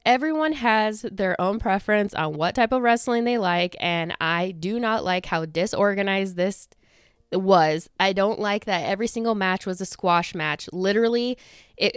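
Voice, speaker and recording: A young woman hosts her own podcast, chatting casually into a close microphone, rambling through fillers and false starts. She sounds a touch out of breath. Her voice is smooth and clear, and the sound is dry, with no room around it. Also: medium pitch, moderate pace, dry recording. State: a little out of breath. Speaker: podcast host. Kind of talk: casual chat. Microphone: studio microphone close to the face.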